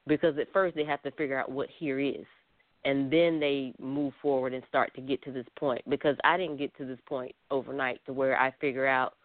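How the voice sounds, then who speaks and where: A man's voice: mid-range voice, fairly even intonation, a little fast, no echo. A man counseling as a radio guest, talking bluntly and straight, often laughing. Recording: dry tinny phone-like line.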